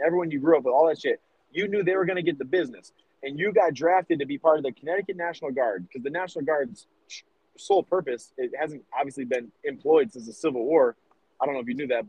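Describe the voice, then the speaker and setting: Cursing, rambling and emphatic, a thirtysomething American man co-hosting a podcast argues his case in a casual debate. His voice is a little high and slightly rough, captured lo-fi with no room sound.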